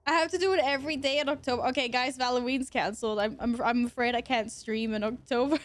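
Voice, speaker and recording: A woman streamer with a high voice talks briskly to her viewers in casual livestream chat, giggling, sounding exasperated, and swearing a lot. The recording is dry.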